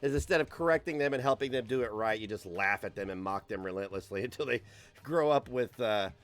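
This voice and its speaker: With an expressive voice on the low side and a fairly quick delivery, a young American streams casually from his home computer setup. His chat rambles and is crude and sarcastic.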